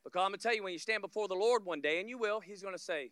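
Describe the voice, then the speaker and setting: Man, guest preacher, very high voice, smooth and resonant, storytelling sermon. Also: very animated, very fast, few pauses, no echo, clean studio sound. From Florida. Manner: storytelling preacher, acts out scenes and quotes, builds to loud peaks; humorous asides to the congregation. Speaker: guest pastor.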